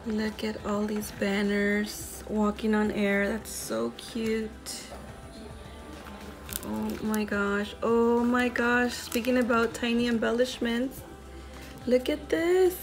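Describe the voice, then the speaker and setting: Slow-talking woman gushing over craft mail. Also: a little high, faint music behind. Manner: gushing, excited exclamations. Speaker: crafting channel host. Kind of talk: unboxing happy mail.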